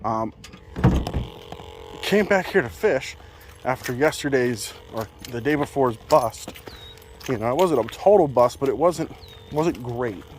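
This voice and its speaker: Casual male fishing vlogger, lively pitch, chest-cam audio outdoors, faint background noise. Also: a little slow, long pauses. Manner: chatty and self-deprecating, talks to viewers as "guys". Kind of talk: casual chat to camera while fishing. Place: outdoors on a lake bank. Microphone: chest-mounted camera.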